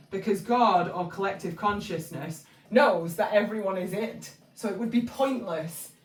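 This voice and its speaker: Talking casually about spiritual life lessons, this English woman who hosts a channel rambles, using lots of fillers and restarting often. Her medium-pitched voice sounds far from the mic in an echoey room.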